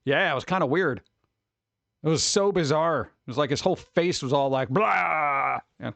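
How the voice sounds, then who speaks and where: A man's voice: a little high, a little fast, no echo. Rambling New man streaming. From New York. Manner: rambling, restarts, mimics people in quotes. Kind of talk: casual chat with viewers.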